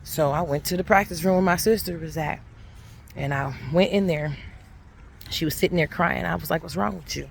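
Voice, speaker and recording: A woman's voice: lowish voice, moderate pace, gravelly, slight background noise. A woman reflecting on faith and telling a personal story in a casual, earnest way, rambling and restarting her sentences. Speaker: faith vlogger.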